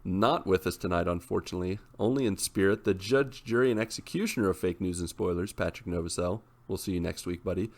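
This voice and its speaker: A man's voice: low-pitched, fast talker, few pauses. A man in his thirties hosting a casual podcast, opening with theatrical, playful introductions. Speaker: podcast host.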